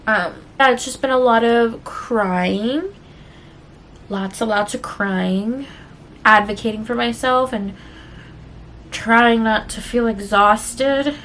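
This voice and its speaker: A woman's voice: on the high side, slow, fairly bright tone, slight background noise. A woman vlogger talking candidly and emotionally to her viewers in a rambling, confessional chat full of fillers. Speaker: book vlogger.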